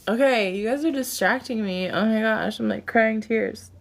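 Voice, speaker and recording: A woman's voice: fairly high pitch, normal speed, vocal fry. A woman hosting a livestream, chatting casually with her viewers and often breaking into laughter. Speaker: livestream host.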